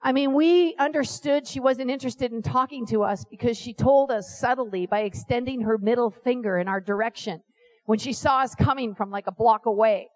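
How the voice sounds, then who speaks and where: A woman preaching a sermon, telling stories with lively asides and acting out the voices of people she quotes. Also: a little high, moderate pace. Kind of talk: animated sermon storytelling.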